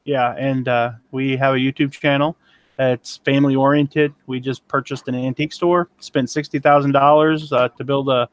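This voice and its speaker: A man's voice: mid-range voice, flat delivery, normal speed, no echo. Joking laid-back man in his forties. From Missouri, USA. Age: 40s. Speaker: guest antiques dealer. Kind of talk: casual live-stream chat.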